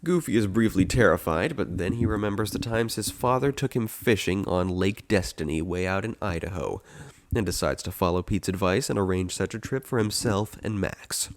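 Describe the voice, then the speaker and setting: Low-voiced man recapping a cartoon film. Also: animated, normal speed. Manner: wry, digressive, with frequent filler uhs. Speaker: podcast host. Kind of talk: casual scripted recap.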